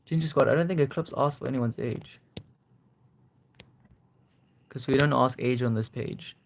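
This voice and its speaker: Gravelly-voiced young man chatting with viewers. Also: mid-range voice, normal speed. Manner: gentle, encouraging, praising viewers. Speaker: livestream host. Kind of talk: casual live chat reading viewer comments.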